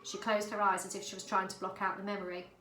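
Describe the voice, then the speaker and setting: Brief: woman storybook narrator, bright and expressive, echoey room. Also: medium pitch, fast, faint music behind. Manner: expressive, dramatic. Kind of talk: storybook reading.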